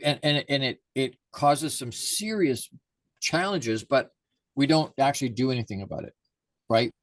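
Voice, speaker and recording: A man's voice: mid-range voice, animated, normal speed, no room sound. A man working as a mindset coach, talking in a conversational interview in an emphatic, repetitive way.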